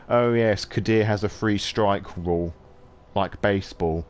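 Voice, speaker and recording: A man's voice: fairly low pitch, a little slow, a little hiss or hum. A male podcast host casually reading a visual novel aloud on a live stream, with profane, wry asides.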